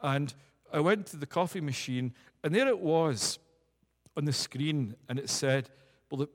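Preacher in an echoing hall. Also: male voice, unhurried. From United Kingdom. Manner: emphatic, building repeated declarations to a rising pitch. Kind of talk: sermon. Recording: long hall reverb.

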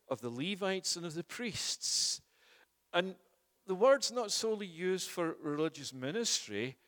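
A man's voice: fairly high pitch, fairly bright tone, long reverb tail. A male preacher giving an expository sermon in a church. He is emphatic, uses rhetorical questions and often repeats words.

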